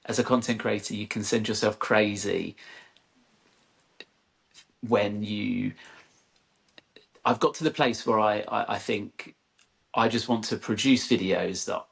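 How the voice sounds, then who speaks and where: A man's voice: lowish voice, fairly even intonation, unhurried, gravelly, long pauses, fairly bright tone. A man in his thirties, a podcast guest and content creator, telling stories in a loose, rambling way with lots of "like" and restarts. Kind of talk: casual conversational storytelling.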